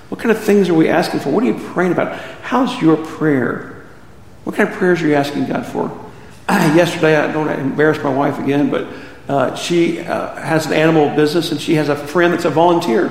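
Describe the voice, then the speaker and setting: A man's voice: fairly high pitch, creaky. A middle-aged male pastor preaching a conversational sermon, peppered with rhetorical questions to his congregation. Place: church sanctuary. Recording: echoey hall reverb.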